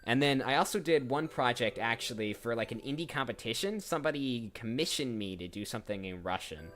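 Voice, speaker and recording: A man in the middle of a casual livestream, rambling and thinking out loud as he clicks through listings, with a mid-range voice. He often trails off and restarts a sentence. Soft music plays faintly behind him. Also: medium pitch, lively intonation, a little fast, hardly any pauses. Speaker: voice actor streamer. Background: faint background music.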